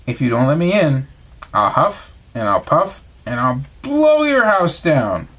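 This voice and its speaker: A man's voice: a little high, wildly swooping pitch, fairly bright tone, exaggerated voice. A man voicing a hungry, pushy big bad wolf in a storybook reading, drawing out his threats. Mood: menacing. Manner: drawn-out, emphatic threats.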